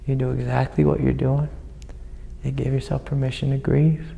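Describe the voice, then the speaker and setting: A man speaking as a spiritual teacher, guiding a student in a gentle, soothing way and calling her sweetie. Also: mid-range voice, little pitch movement, normal speed, creaky, slight background noise. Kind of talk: satsang guidance to a student. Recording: long hall reverb.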